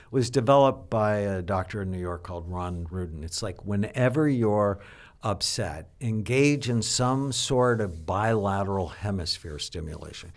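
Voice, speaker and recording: An older man with a very low voice speaks as a psychiatrist guest. He explains in a teacherly, animated way, telling personal stories to make his point. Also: gravelly. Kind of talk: interview conversation.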